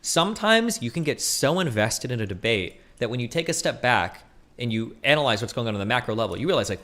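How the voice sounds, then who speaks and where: A man streaming fast, heated commentary, arguing and swearing, with frequent "right?" and "okay?" tags. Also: mid-range voice, sing-song, a bit bright. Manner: argumentative, profane, rhetorical "right?" tags. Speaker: streamer debating online.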